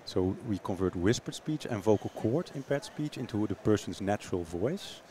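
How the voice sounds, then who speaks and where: A man, a startup founder, answering interview questions in English with hesitant pauses and repeated words. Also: on the low side, expressive, warm tone, slight background noise. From Netherlands.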